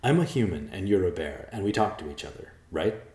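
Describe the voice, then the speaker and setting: A man's voice: low voice, lively intonation, a little fast, a little mellow, reverberant. A man doing an earnest young hero. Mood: eager.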